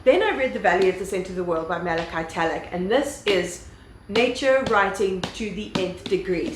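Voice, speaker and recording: A woman's voice: medium pitch, reverberant, slight background noise, low-quality recording. A woman chatting casually as she reviews books on her vlog, rambling with lots of fillers and the odd swear word. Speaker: book vlogger. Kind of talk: casual book review chat.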